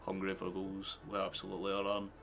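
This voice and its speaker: With faint music in the background, a young Scottish man speaks in a low, creaky voice at speed while live-streaming his take on a football match. He talks to viewers, swears a lot, and breaks into shouting at every goal.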